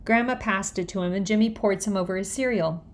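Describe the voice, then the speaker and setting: A woman reading a children's book aloud in a lively, expressive way. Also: medium pitch, brisk. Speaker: audiobook reader.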